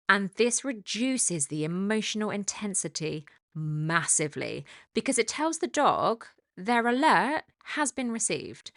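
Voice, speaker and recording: A woman dog trainer giving a calm, explanatory talk on training, turning lively when she acts out the dog. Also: on the high side, no room sound, clean studio sound. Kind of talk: instructional talk.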